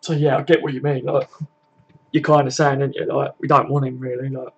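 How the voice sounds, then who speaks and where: A man's voice: medium pitch, little pitch movement, a little fast, breathy edge, dull audio. Laddish young British man chatting. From Britain. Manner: laddish, swears a lot, tags questions with mate. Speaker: live stream host. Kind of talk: casual live chat reading comments. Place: home room with desk and sofa.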